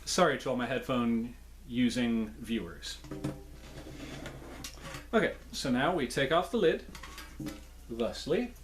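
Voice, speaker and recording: A man's voice: medium pitch, lively intonation, slow pace, pauses often, a little hiss or hum. A man reviewing snacks in a casual, chatty way, with playful jokes and asides.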